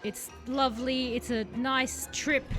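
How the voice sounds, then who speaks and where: A woman casually commenting while she live-streams a video game, chatting to the boss she fights and bursting into excited yells. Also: high voice, slow. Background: game music.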